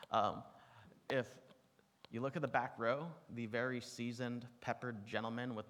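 A man's voice: mid-range voice, steady tone, normal speed, fairly bright tone. A man preaching a sermon to an audience, teaching in a conversational way with asides and touches of humor. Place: large room with an audience. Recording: long reverb from a large hall.

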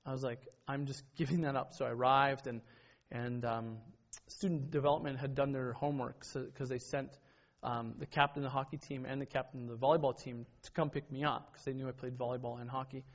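A middle-aged pastor delivers a sermon in an earnest, conversational manner, sharing personal stories and often correcting himself. His medium-pitched voice is steady and brisk, captured in a dull lo-fi recording.

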